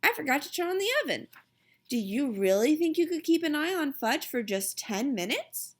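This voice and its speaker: Lady doing a fussy worried mom, highish, fretting. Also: big pitch swings, normal speed. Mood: fretful. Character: flustered doting mother.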